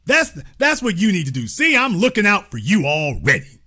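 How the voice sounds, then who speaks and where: A man's voice: high voice, huge pitch swings, normal speed, pushed and bright, breathy edge. A man hosting his own show, giving an emphatic, preachy commentary monologue laced with sarcasm. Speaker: host.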